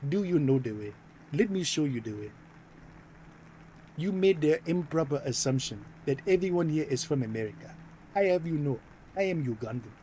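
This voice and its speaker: A man voicing a pompous, mock-indignant persona, talking loudly. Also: a little high, expressive, normal speed, slight background noise, natural voice, low-quality recording.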